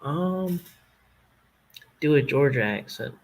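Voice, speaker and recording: A man's voice: on the high side, lively intonation, takes it slowly, low-quality recording. A man with a Canadian accent chatting casually on a stream, rambling, joking and swearing freely. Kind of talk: casual chat.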